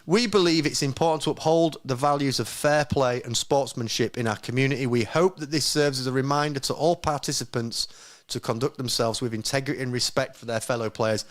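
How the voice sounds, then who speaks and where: Man, podcast co-host, reads aloud and stumbles, mid-pitched voice. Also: brisk. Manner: stumbling reading aloud, laughing at himself. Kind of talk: casual podcast chat, reading a statement aloud.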